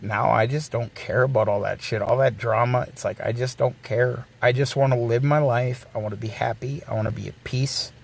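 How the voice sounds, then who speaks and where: A man's voice: mid-range voice, vocal fry, breathy edge. A man in his forties, a streamer, ranting bluntly and casually, swearing and circling back with restarts. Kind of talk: casual rant.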